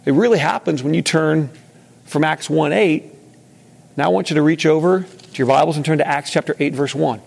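A man's voice: fairly high pitch, a little fast, gravelly, darkish tone, breathy edge. A man leading an interactive Bible lesson, talking casually and putting questions to the room. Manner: conversational, asks the room questions. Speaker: teacher leading a Bible study.

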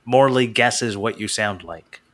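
A man's voice: on the low side, measured pace, a bit bright. Interjecting male podcast co-host. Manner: short interjections. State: several beers in. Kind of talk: casual podcast chat.

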